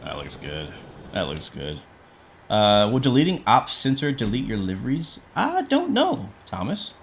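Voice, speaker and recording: Male streamer, lowish voice, casual chatty commentary while he works, answers chat. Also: wildly swooping pitch, a little slow, slight background noise. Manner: chatty, talks through each step, answers chat; frequent fillers and restarts. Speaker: flight sim streamer.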